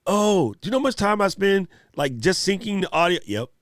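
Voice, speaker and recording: A man's voice: high-pitched, fairly quick, no echo, studio quality. A man hosting a live stream Q&A, chatting casually and animatedly with viewers in slang. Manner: animated, slangy, talks straight to chat viewers.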